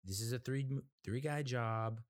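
A man's voice: medium pitch, measured pace, voice pushed up, close to an everyday voice. A man voicing a pushy, boastful male mover who insists he knows best. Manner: insistent, self-assured sales talk.

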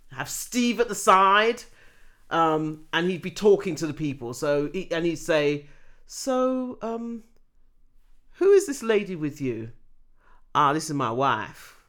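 Animated woman, opinionated chat. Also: fairly low pitch. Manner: animated, opinionated, with frequent restarts. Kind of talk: casual chat.

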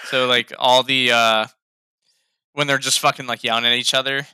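A man's voice: mid-range voice, flat delivery, moderate pace, sharp tone, clean tone, no echo, studio quality. A man in casual chat about a film, laughing a lot, swearing freely and acting out lines he liked. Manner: laughing, profane, quotes lines in raised voices. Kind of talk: casual movie review chat.

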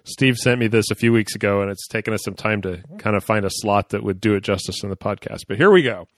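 A man's voice: on the low side, fast talker, no echo, clean studio sound. A man from Oklahoma hosting a podcast, chatting casually and reading a listener's letter aloud with chuckles. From Oklahoma, USA. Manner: lively, chuckling reader. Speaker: podcast host.

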